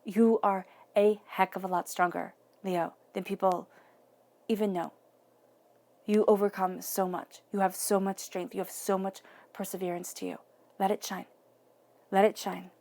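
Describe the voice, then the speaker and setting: Woman doing a tarot reading, earnest and encouraging, gravelly fry in her voice, keeps repeating lines. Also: mid-range voice, flat delivery, moderate pace, a little mellow. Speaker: tarot reader.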